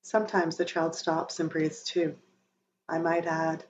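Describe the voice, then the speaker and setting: A woman hosting a podcast, reading a calm scripted narration in a gentle, soothing way. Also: low-pitched. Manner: gentle, soothing, slow-paced delivery. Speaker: podcast host. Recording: slightly dull sound with faint noise.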